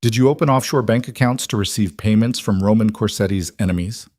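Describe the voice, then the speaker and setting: A man voicing a bored older polygraph examiner who asks routine questions flatly. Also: lowish voice, a little fast, no room sound, clean studio sound, natural voice.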